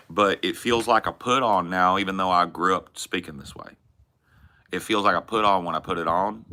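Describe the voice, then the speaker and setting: A man with a Texan accent chatting casually as a podcast host, candid and rambling. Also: sits low. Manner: candid, rambling, relaxed drawl. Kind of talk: casual chat.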